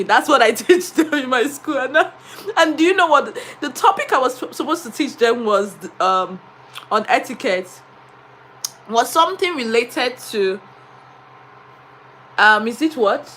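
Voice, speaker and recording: A woman who teaches diction and etiquette, chatting live and telling a story in an animated way, often laughing. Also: a little high, moderate pace, a little hiss or hum, poor audio. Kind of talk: casual live stream chat.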